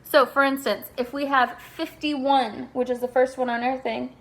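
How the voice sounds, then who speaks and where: A young woman teacher talking casually through a recorded lesson for her class, with lots of fillers and slowing down to spell words out. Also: high-pitched, level tone. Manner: casual, filler-heavy, slows to spell things out.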